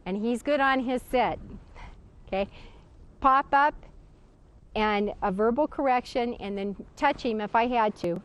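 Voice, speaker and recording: A woman's voice: a little high, moderate pace. A woman dog trainer giving casual spoken instruction, explaining and demonstrating commands with a dog.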